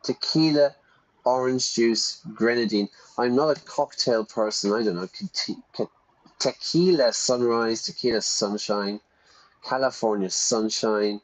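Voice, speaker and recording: A man's voice: mid-range voice, measured pace, low-quality recording. A British or Irish man teaching English while reading game dialogue aloud and explaining phrases. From Britain or Ireland.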